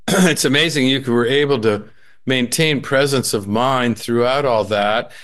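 A man interviewing an author, asking measured questions. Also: mid-range voice, fairly bright tone.

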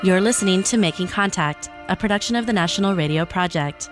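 Low-voiced woman radio host. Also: soft background music. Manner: measured and precise. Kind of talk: scripted radio announcing.

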